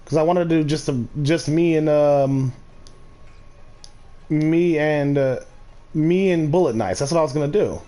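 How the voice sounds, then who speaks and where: A man's voice: fairly high pitch, unhurried, pauses often, mellow. A man streaming a game, ranting casually in a rambling, profane way with many restarts. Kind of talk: casual ranting while gaming.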